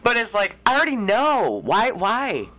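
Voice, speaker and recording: A woman co-hosts a casual podcast, telling stories in an animated, profane way. She laughs often as she talks. Her voice sits fairly high. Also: normal speed. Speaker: podcast co-host.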